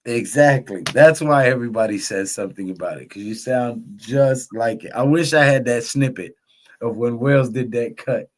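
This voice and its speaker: A man's voice: mid-range voice, normal speed. A man hosting a live game-watch stream, greeting chat viewers by name and calling the plays like a broadcaster. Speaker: host.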